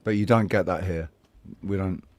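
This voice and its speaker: A man's voice: deep voice, steady tone, moderate pace, crowd noise. A man hosting a live stream, chatting casually, rambling and repeating himself with casual swearing.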